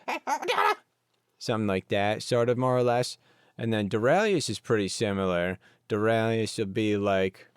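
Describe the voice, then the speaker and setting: A man's voice: fairly low pitch, smooth, no room sound, studio quality. A man hosting a solo podcast in a casual, rambling way, wandering into asides. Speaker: podcast host.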